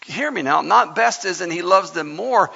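Gravelly, bright-voiced male preacher. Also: sits high, animated, normal speed. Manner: emphatic, conversational preaching with dramatic scripture reading. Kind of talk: sermon. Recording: lo-fi sound in a reverberant hall.

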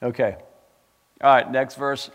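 A man's voice: medium pitch, level tone, a little slow. Fervent male preacher in a reverberant hall. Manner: dramatic, swings from loud exclaiming to hushed asides; asks the congregation questions. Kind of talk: sermon.

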